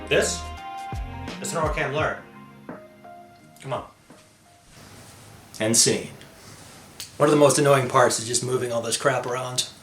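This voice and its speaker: A man, a content creator, talking to himself at home as he works through a behind-the-scenes vlog, with quick rambling asides. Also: mid-range voice, fairly bright tone, faint music behind. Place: at home, indoors.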